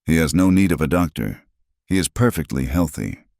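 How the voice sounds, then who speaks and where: A man with a very low voice voicing a bullying, sneering sheriff who talks gruffly, in a dry recording. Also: animated, normal speed, darkish tone, no room sound, exaggerated voice.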